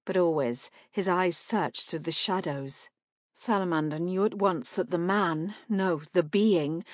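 A woman reading a fantasy novel aloud in steady, measured scripted narration. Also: fairly low pitch, dry recording, studio quality. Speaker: audiobook narrator.

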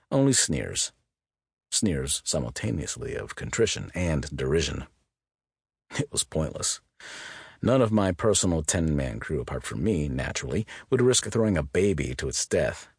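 A man narrating a gritty audiobook in a husky voice. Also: a bass voice, no echo, clean studio sound. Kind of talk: scripted narration.

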